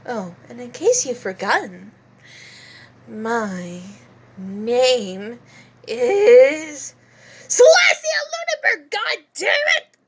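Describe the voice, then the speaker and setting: A woman's voice: fairly high pitch, expressive, extremely slow, long pauses, breathy edge, pitched below the performer's own voice, exaggerated voice. A woman voicing a haughty, refined young woman with an overly British manner. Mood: haughty to furious. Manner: prim, overly British-sounding, bursts into a yell.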